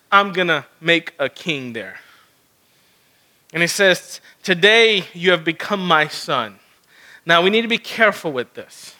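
Man, pastor, sermon delivery, high pitch, bright tone. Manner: preaching, acts out God's words in quoted asides.

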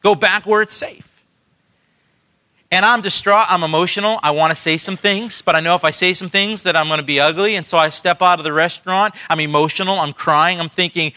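A man preaching a sermon to his church, telling personal stories in an earnest, animated way and often restarting his sentences. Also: high-pitched, a little fast, clear, resonant tone. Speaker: pastor.

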